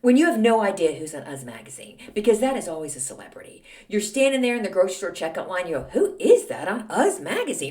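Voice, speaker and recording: A middle-aged woman hosting her own podcast, telling self-mocking stories in a snarky, animated way. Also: medium pitch, fast talker, few pauses. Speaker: podcast host. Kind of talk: casual solo monologue.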